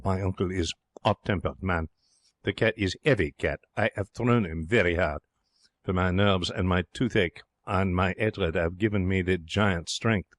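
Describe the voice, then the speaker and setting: A man voicing an excitable young Frenchman. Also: low-pitched, dry recording, natural voice. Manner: theatrical, broken English phrasing. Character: excitable young Frenchman, romantic would-be artist. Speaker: audiobook narrator. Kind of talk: audiobook reading.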